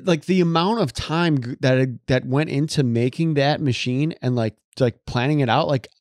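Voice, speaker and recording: A man co-hosting a casual podcast, excitable and halting with many fillers. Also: mid-range voice, no echo, clean studio sound. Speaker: podcast co-host. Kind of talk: casual chat.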